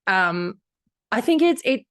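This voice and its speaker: A woman co-hosting a podcast in casual chat, warmly affirming and agreeing. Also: mid-range voice, very animated, slow. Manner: supportive, frequent affirmations. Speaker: podcast co-host.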